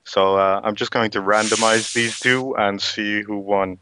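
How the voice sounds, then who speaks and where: A man's voice: lowish voice, steady tone, measured pace, sharp tone, clear, resonant tone, dry recording. A man running a prize draw, speaking hesitantly with many fillers.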